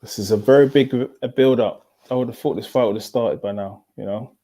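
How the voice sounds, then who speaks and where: A man's voice: medium pitch, a little fast, warm tone. A man from North hosting a casual fight watchalong, chatting with a co-host and reading out viewer comments, often repeating himself. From North London. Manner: repeats himself, laid-back.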